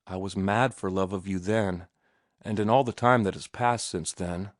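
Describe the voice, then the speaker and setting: Man reading as a passionate young sailor, low gentle voice, earnest, dry close recording. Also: fairly even intonation, moderate pace, no echo, close to an everyday voice. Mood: ardent, tender. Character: ardent young sailor-turned-writer, passionate.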